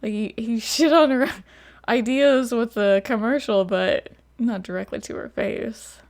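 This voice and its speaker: A woman's voice: a little high, unhurried, creaky, darkish tone. A woman hosting a reaction video, chatting casually and laughing often. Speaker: host. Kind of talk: reaction commentary.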